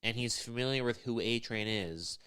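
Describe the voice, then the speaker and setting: Man, podcast co-host, sarcastic, deadpan, comedic recap, clear resonant tone. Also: medium pitch, moderate pace. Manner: mimics characters in mocking voices.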